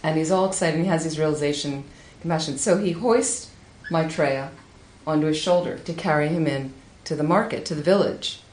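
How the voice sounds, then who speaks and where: A woman giving a Buddhist talk, telling a teaching story with lively, high-pitched acted quotes. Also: a little fast, few pauses. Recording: echoey room with faint ambience.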